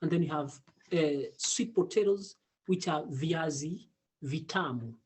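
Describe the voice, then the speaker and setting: A man teaching a casual online Swahili lesson, repeating words slowly and laughing often. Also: a little high, darkish tone.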